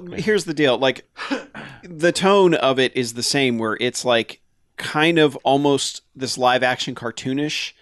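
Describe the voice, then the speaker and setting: A man's voice: medium pitch, unhurried, fairly bright tone, clean tone, no room sound, clean studio sound. A man in a casual movie review chat, wry and profane, often acting out what others said. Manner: wry, profane, mimics people. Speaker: podcast co-host.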